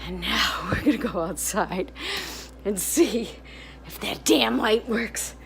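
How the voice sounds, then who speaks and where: A woman's voice: mid-range voice, animated, slow pace, vocal fry, background noise. An older woman vlogging about fixing things around her home, talking frankly and rambling as she walks around, recorded on a phone held at arm's length. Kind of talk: casual home-repair vlog. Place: her home, moving between house, yard and garage. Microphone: phone in selfie mode at arm's length.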